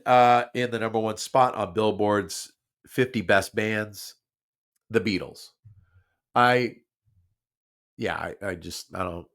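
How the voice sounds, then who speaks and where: A man hosting a talk show, talking casually with lots of restarts and repeats while his nose is stuffed up. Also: low-pitched. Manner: animated, repeats himself, many restarts. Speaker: podcast host. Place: studio.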